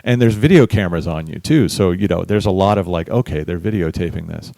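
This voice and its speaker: A middle-aged man, a bass musician, telling a lively story in a casual interview, acting out the people he quotes. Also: fairly quick, gravelly, no echo. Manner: animated storyteller, acts out quoted voices. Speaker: guest musician.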